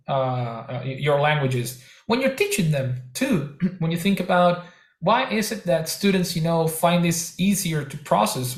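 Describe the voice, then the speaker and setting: A man being interviewed as a researcher, giving careful, halting academic explanations. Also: a little high. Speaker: researcher guest. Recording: echoey room.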